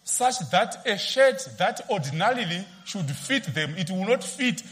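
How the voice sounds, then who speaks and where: A man preaching a sermon in short phrases that pause for an interpreter, rising to shouts of praise. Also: sits high, lively intonation.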